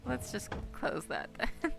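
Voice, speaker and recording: A woman streamer chatting playfully to herself as she plays a game, giggling often. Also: slow. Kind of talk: casual gameplay commentary. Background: soft game music.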